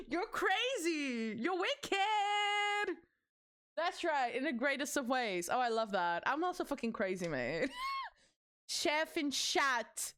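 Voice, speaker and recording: Lively high-voiced woman streamer. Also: slow. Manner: excitable, swears freely, laughs often, teasing. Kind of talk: casual livestream chat with viewers.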